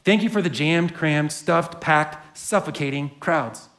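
A man's voice: fairly high pitch, a little slow, a bit bright. A man voicing a frightened, exasperated adult woman prisoner who pleads and complains. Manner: distressed, pleading.

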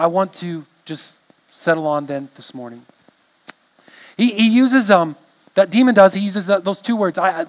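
A man's voice: sits high, low-quality recording. A man preaching a sermon in a conversational way, often restarting phrases and checking in with the congregation. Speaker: pastor.

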